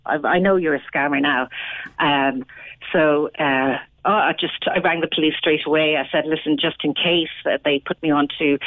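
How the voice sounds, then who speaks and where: An Irish woman in her fifties earnestly telling a personal story over the phone, halting and restarting often. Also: sits low, no room sound. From Ireland. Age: 50s. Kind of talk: emotional personal account. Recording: tinny phone line.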